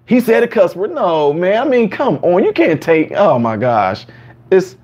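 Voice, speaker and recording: A man hosting a live chat stream, talking casually to viewers and acting out quotes in higher voices. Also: a little slow, slightly rough, dull audio. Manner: animated, acts out quotes in higher voices, laughs often.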